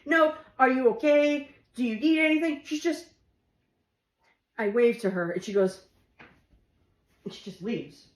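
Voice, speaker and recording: A woman's voice: sits high, expressive, unhurried, long pauses. A woman casually telling a comic story, laughing through her words and swearing now and then. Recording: roomy echo with faint music.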